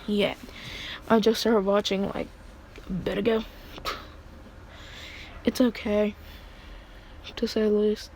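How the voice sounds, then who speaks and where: A woman's voice: medium pitch, little pitch movement, takes it slowly, pauses often, darkish tone, a little hiss or hum, low-quality recording. A woman casually improvising a story in an offhand, meandering way, with crude jokes.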